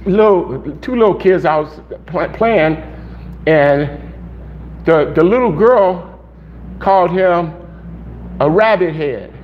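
High-voiced man preaching with stories. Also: lively intonation, slow, long pauses, lo-fi sound, slight background noise. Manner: storytelling, acts out quotes, asks "okay?". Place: church congregation.

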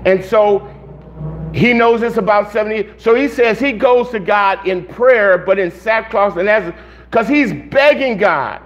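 High-voiced pastor preaching slowly. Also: male voice, dull audio. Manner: conversational, restarts and repeats phrases. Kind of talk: sermon.

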